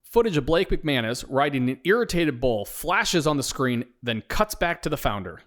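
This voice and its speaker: A man's voice: medium pitch, big pitch swings, moderate pace, fairly bright tone. A man narrating a comic audio story in a dry, matter-of-fact way.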